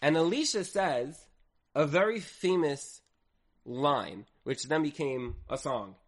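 Man, fairly high voice, lively Torah lesson, dramatic storyteller, voice rises and drops in loudness. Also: slow pace. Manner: dramatic storyteller, acts out quoted speech with swings in loudness. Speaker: Torah teacher.

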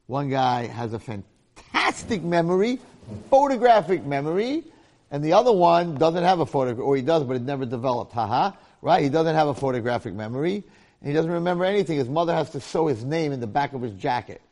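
A man's voice: a little high, expressive, fast, darkish tone. A middle-aged man, a rabbi and longtime teacher, giving an informal Torah lecture, telling stories and acting out the voices of the people in them. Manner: storytelling with acted-out voices and jokes.

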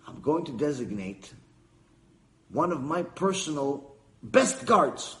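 A man voicing a stern, wise judge who speaks in slow, grave pronouncements, in a roomy hall. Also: a little high, sing-song, pitched below the performer's own voice.

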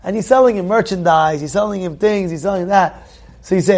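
A man giving a sermon as a rabbi, animated, acting out little dialogues and repeating phrases. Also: high voice, brisk. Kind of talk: sermon with storytelling.

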